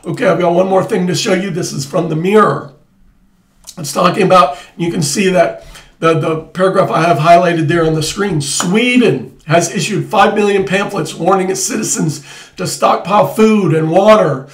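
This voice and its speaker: A man's voice: high-pitched, moderate pace. Guy ranting about politics, urgent, keeps repeating himself, echoey room, kinda far from the mic. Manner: urgent, repetitive, rising to emphatic outbursts. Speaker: host. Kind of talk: alarmed political commentary.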